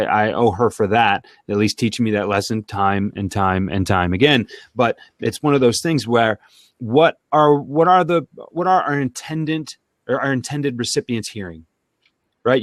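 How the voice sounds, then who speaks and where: A man co-hosting a sales talk show, chatting casually in an animated way and thinking out loud. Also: medium pitch, dry recording, studio quality. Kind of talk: casual conversational chat.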